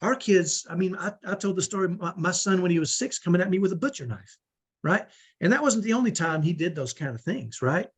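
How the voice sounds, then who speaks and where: A middle-aged man with a high-sitting, breathy voice speaks fairly quickly with lively intonation. He's hosting a live online parenting training over a video call, earnest and emphatic, frequently adding "right?" at the end of his points.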